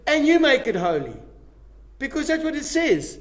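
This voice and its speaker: A man leads a Bible study class, speaking in a noticeably high register. He is emphatic and keeps turning questions back to the people sitting in front of him. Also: big pitch swings, moderate pace. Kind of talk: Bible lesson to a live class.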